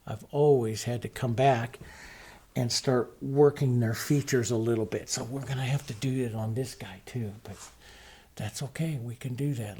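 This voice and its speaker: This middle-aged painting teacher has a mid-range, dark-toned voice with some breathiness. He walks through a relaxed demonstration step by step, speaking casually, thinking aloud, and often using fillers.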